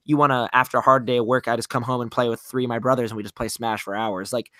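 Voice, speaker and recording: A man's voice: mid-range voice, fairly even intonation, fast talker, pushed and bright, dry recording, studio quality. A man co-hosting a podcast, chatting casually about video games, hesitant and earnest with many restarts. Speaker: podcast co-host.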